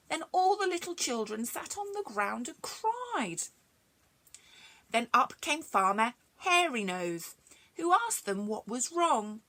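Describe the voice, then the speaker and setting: Woman, librarian, story time reading, high, very animated. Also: takes it slowly. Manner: expressive, sing-song, chatty asides.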